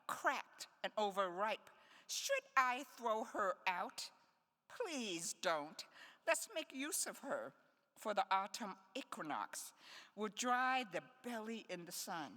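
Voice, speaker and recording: A woman poet reads her work aloud at an unhurried pace, her pitch swinging widely through each line. Between poems she drops in playful, wry asides. Her voice carries a long reverb from the hall. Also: pushed and bright. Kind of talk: live poetry reading. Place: conference hall.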